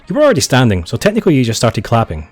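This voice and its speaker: A man's voice: medium pitch, wildly swooping pitch, very fast, slightly rough, soft background music. A man streaming a game, reading its narration with wry, chatty asides. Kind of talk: game playthrough commentary.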